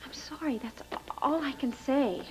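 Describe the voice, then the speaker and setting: Lady playing a soothing patient sister, kinda high voice. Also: brisk, natural voice, rough recording. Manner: calm, soothing, earnest. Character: patient, earnest older sister. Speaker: soap opera character.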